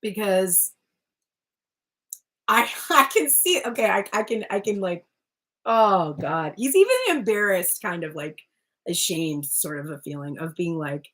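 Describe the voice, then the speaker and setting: A woman's voice: on the low side, expressive, moderate pace, a bit bright. A woman giving a casual spoken tarot reading, chatty and rambling, often breaking off mid-sentence and laughing. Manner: chatty, rambling, self-interrupting with frequent "like". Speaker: tarot reader.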